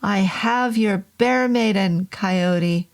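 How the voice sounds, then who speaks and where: A woman reading a horror story voices a desperate man shouting up at a demon, yelling in a strained, high voice. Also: slow pace, close to an everyday voice. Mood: frantic shouting.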